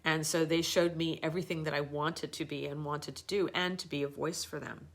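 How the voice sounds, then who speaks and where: Middle-aged female host with a low voice; loose, rambling storyteller. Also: fairly even intonation, a little fast, vocal fry. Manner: rambling, with many fillers and restarts. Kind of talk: casual storytelling on a live show.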